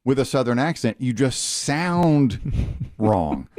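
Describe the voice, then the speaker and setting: A man's voice: medium pitch, sing-song, slow, a little mellow, dry recording. A man in his fifties co-hosting a morning radio show, chatting casually and throwing out questions and dry quips. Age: 50s. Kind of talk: casual chat.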